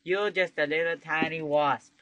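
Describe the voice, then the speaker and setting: A man giving casual, profane game commentary, swinging into sudden loud outbursts. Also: a little high, steady tone, moderate pace, muffled recording, slight background noise. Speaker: gameplay commentator.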